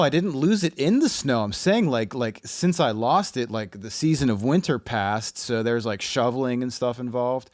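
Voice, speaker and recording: A man with a lowish voice chats casually on a podcast and tells a story in a meandering way, piling up filler words. The sound is close and dry, with no room around it. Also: no room sound. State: out of breath. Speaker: podcast co-host. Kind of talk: casual chat. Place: his apartment in Los Angeles.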